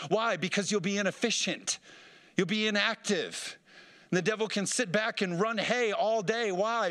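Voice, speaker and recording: A male pastor delivering a passionate sermon in a somewhat high voice. He drives his points hard and keeps calling out to the congregation for an amen. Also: bright, forceful tone. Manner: fired-up preaching with call-and-response.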